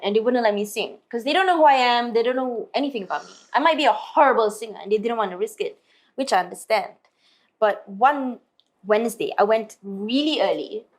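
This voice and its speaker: A woman in her thirties tells stories from her singing career as an interview guest. She talks in a lively, animated way, slipping into put-on voices for the people she quotes. Her pitch sits in the middle range. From Malaysia. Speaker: singer-songwriter guest. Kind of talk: storytelling in an interview.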